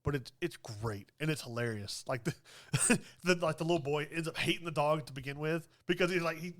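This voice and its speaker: A man's voice: a little high, brisk. A man co-hosting a podcast, talking in an easygoing casual way with many fillers. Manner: easygoing, lots of "like" and "yeah". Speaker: podcast co-host. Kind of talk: casual chat.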